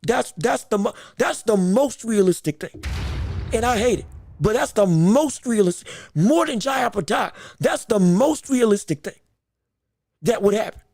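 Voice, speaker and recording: Hosting a boxing podcast, a man with a high, darkish voice and lively intonation talks at a moderate pace. He presses his points hard, says things over again, and keeps tripping into restarts.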